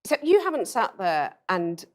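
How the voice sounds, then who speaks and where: A woman questioning a guest in a debate, slow and probing. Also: mid-range voice, big pitch swings.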